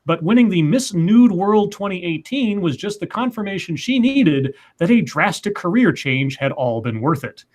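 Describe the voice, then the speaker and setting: A man's voice: sits high, expressive, moderate pace, hardly any pauses. A man co-hosting a podcast, reading news stories aloud with wry asides. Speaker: podcast co-host. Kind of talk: casual news banter and reading.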